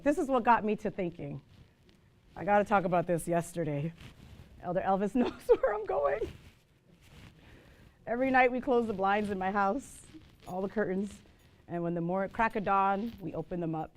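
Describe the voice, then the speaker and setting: A woman teaching the Bible to a live group. She tells digressive stories and puts questions to her listeners. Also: mid-range voice. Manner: chatty, digressive storytelling, asks the audience questions.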